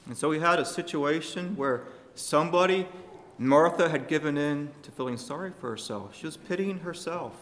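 A man preaching a sermon to his congregation, speaking emphatically and shifting his loudness for emphasis. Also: a little high, moderate pace, big-room sound.

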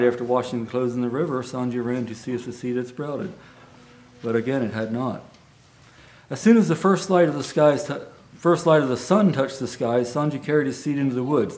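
A preacher reading a moral story aloud to his congregation before moving into his sermon. He has a mid-pitched voice and an earnest, unhurried delivery. He sometimes stumbles and restarts his sentences. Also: a little mellow.

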